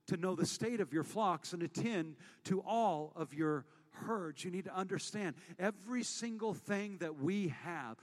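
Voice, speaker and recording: A man preaching a sermon as pastor, moving between hushed storytelling and loud, rallying calls to the congregation. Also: sits high, expressive, a little slow, hardly any pauses, long reverb tail. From United States.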